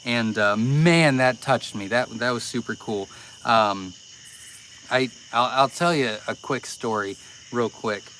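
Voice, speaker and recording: A man's voice: medium pitch, slow pace, a bit bright, slight background noise, poor audio. A man in the middle of his register chats loosely through a live stream from his farm. He rambles, loses his thread and fills the gaps with ums and uhs. Faint crickets and insects chirp behind him outdoors at night. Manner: rambling, easily sidetracked, many fillers. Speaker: farm livestream host. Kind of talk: casual live-stream chat.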